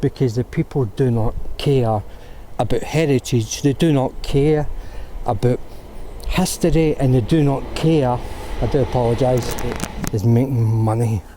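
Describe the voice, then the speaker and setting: A man rants with fury in an outdoor vlog, his voice dark and mellow. Faint outdoor noise sits behind him. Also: medium pitch, unhurried. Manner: outraged, ranting, swearing. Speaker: paranormal vlogger. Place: graveyard outdoors.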